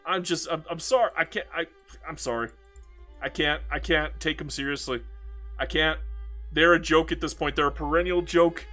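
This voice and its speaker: A man's voice: on the high side, steady tone, moderate pace, bright, forceful tone, soft background music. A man streaming a strategy game, chatting casually and ranting with frequent laughs and stammered restarts. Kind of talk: casual chat while gaming.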